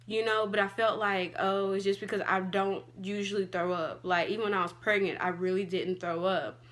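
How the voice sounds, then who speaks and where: A woman's voice: medium pitch, fairly even intonation, normal speed, a bit bright. A young adult woman vlogging, telling a personal story in a casual, chatty way with lots of "like". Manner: chatty, fillers like "like" and "all like".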